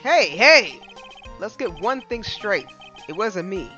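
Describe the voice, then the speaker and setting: A man's voice: a little high, sing-song, moderate pace, pushed and bright, full character voice. A man doing a flustered young defense lawyer. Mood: exasperated. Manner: defensive, exasperated. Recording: dull lo-fi stream mic. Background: game music.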